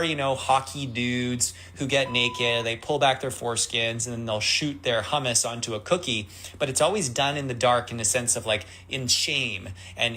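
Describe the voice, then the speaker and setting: Guy in a clip preaching super earnest, bright sharp voice. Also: medium pitch. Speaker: fringe wellness speaker in clip. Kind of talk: earnest monologue.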